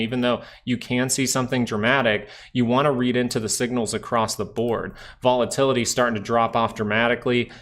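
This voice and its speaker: A young man with a nasal, gravelly voice gives loose, rambling commentary on stock charts during a live stream. His pitch sits a little low, and he talks to his viewers in a relaxed way. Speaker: stock market livestream host. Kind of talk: casual live market commentary.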